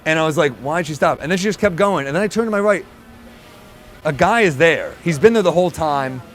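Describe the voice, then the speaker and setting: This man's voice is a little high with lively intonation. Doing stand-up before a live audience, he narrates a story, imitates the people in it, and tosses in quick asides, all captured amid crowd noise.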